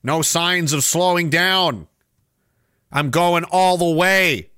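A man's voice: on the high side, slow, pushed and bright, smooth, dry recording, studio quality. Sarcastic ranting male streamer. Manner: sarcastic, mocking, rambling. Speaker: streamer host. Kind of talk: ranting live-stream commentary.

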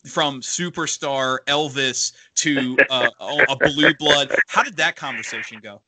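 A man co-hosting a wrestling talk show, asking long, halting questions with many restarts. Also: mid-range voice, a loud crowd. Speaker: podcast co-host interviewer. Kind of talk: casual interview.

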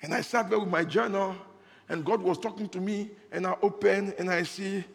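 Pastor, high gravelly voice, energetic sermon delivery in a reverberant hall. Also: male voice, moderate pace. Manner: preaching with rising bursts and laughter.

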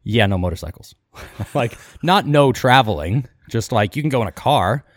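This man's medium-pitched voice moves at a measured pace in a dry, studio-quality recording. As a podcast co-host, he animatedly recounts a travel story in a casual way, quoting its characters along the way.

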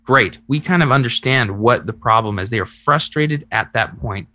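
A man's voice: mid-range voice, moderate pace, pushed and bright, no echo. A man hosting a podcast, coaching in a conversational way and explaining ideas through examples he acts out. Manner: earnest, explains with acted-out examples. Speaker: podcast host and relationship coach.

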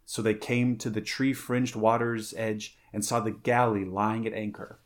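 A man reading a pulp adventure story aloud in a steady, measured way, breaking off for halting, casual chat. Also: on the low side.

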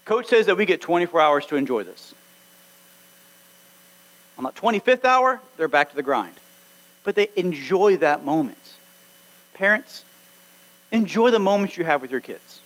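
A man's voice: fairly high pitch, a bit bright, poor audio. A man preaching a sermon as pastor to his church, earnest and exhorting, acting out little snatches of conversation. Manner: earnest, exhorting, acts out quoted dialogue.

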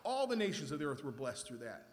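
A man's voice: on the high side, very animated, fast talker. A man leading a Bible study, reading scripture aloud and then explaining it with emphasis. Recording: echoey hall with faint ambience.

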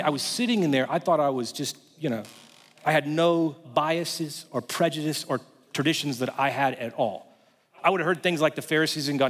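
A male pastor preaching a sermon in a conversational way, swinging between loud passages and hushed ones. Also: on the high side. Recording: long hall reverb.

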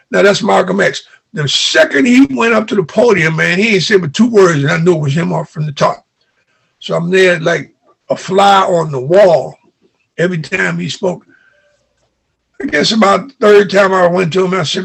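Gravelly older man telling stories. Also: high voice, moderate pace. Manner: animated retelling with quoted dialogue. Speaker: interview guest. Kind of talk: storytelling in an interview.

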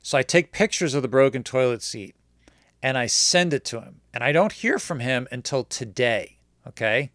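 A man spins a rambling anecdote in a relaxed, casual way, acting out each side of the dialogue as he goes. His voice sits at a middling pitch and sounds dry and close. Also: normal speed, no room sound. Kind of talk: casual storytelling.

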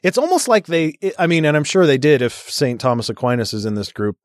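A man's voice: on the high side, sing-song, fast, dry recording, studio quality. Sarcastic man in casual chat. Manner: reads argument aloud, sarcastic asides, profane. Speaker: podcast co-host.

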